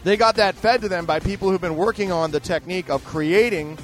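A man's voice: high voice, brisk, faint music behind. A man hosting a show and answering listener letters in a rambling, emphatic monologue full of fillers and restarts. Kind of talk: casual ranting monologue.

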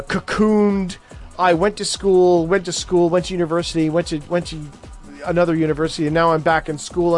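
A man hosting a podcast, ranting in a casual, profane and sarcastic way. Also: a little high. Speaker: podcast host.

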